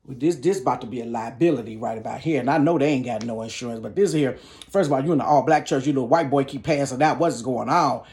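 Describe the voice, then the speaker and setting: A man telling a casual storytime tale from his bedroom, chatty and animated, filling gaps with "da, da, da" and dropping into whispers. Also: a little high, a little fast.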